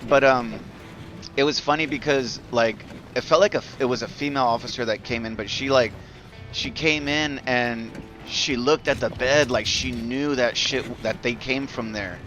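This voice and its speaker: A man's voice: medium pitch, normal speed, pushed and bright, soft background music. A man casually telling a long story while live-streaming a game, rambling with lots of fillers, restarts and swearing.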